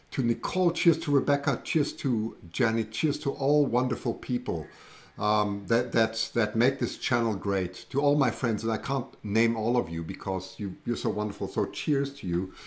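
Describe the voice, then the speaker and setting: A man with a German accent hosts a relaxed livestream and rambles from one thought to the next. He reads out viewer comments as he goes, and his voice sits at an ordinary middle pitch. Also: normal speed. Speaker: livestream host. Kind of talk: casual livestream chat.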